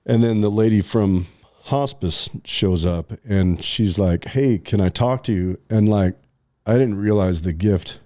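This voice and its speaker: A man's voice: fairly low pitch, a little slow, warm tone, no room sound, clean studio sound. A middle-aged man telling a personal story in casual podcast chat, rambling with many fillers and restarts, sometimes choked up. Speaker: podcast co-host.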